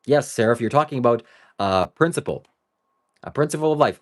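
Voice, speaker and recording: A man's voice: medium pitch, lively intonation, fairly quick. A man talking to his live-stream viewers in a rambling, casual way that swings between joking and earnest. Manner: talks straight to viewers. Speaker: livestreamer.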